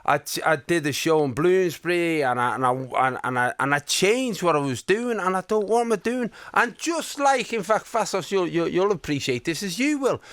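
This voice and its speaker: A man's voice: fairly high pitch, moderate pace, few pauses, dry recording. Storytelling middle-aged Scouse man. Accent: Liverpool Scouse. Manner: storytelling, animated, repeats words when starting a sentence. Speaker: comedian guest. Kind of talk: casual chat.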